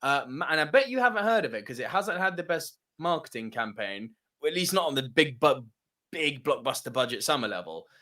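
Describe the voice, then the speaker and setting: A man from France co-hosting a casual movie chat, animated and emphatic, swearing often. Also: on the high side, fairly quick. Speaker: co-host of a movie podcast.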